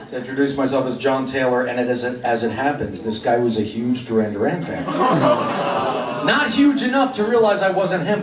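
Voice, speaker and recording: A man's voice: fairly high pitch, expressive, moderate pace. A man from New York telling a wry, self-mocking story on a club stage, acting out other people's voices. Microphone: stage microphone heard from the room. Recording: roomy live club recording from far off. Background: loud crowd laughter and club noise.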